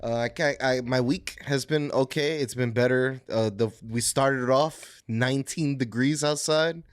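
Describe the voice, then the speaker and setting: A man's voice: mid-range voice, unhurried, clear, resonant tone, no room sound, studio quality. A man co-hosting a podcast, talking about his week in a loose, joking, profane way. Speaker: podcast co-host. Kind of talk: casual chat.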